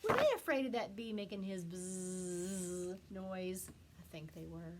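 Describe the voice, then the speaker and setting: A woman teacher reading a picture book to young children, with a warm, expressive and encouraging manner. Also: lowish voice, unhurried, very noisy.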